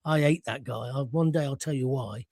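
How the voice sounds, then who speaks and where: A man's voice: mid-range voice, normal speed, darkish tone, no echo, studio quality. A middle-aged English man hosting his own political show, ranting bluntly with sarcastic asides. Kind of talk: opinionated live show monologue.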